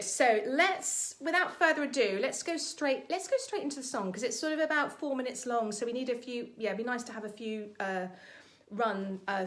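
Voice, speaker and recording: A woman's voice: on the high side, slight background noise. A woman vocal coach, leading an online singalong lesson in a chatty, encouraging way. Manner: encouraging, chatty, sings warm-up exercises.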